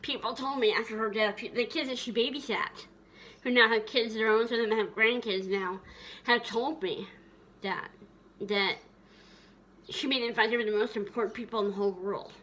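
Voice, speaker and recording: A woman's voice: on the high side, fairly even intonation, moderate pace, fairly bright tone, slight background noise. A woman vlogger reminiscing tenderly in a casual, rambling way, with many fillers and restarts.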